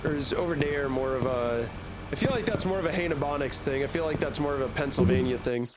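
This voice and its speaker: A man's voice: medium pitch, fast talker, noisy background. A young man streaming a game, rambling and joking with casual swearing. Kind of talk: casual gaming commentary.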